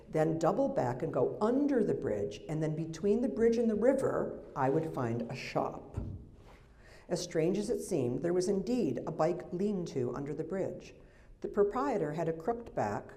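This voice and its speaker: A woman in her sixties from the United States reads her memoir aloud at a festival event. Her voice is low and mellow. She slips into wry, chatty asides between passages. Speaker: memoir author. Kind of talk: reading from a memoir to an audience. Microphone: microphone.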